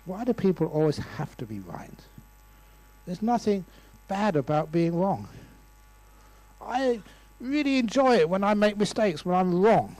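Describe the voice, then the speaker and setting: A man's voice: high-pitched, sing-song, unhurried, a little mellow, rough recording. Older man telling funny dharma stories. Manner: storytelling with playful voices and laughs. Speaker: Buddhist monk teacher. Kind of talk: humorous dharma talk. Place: lecture room.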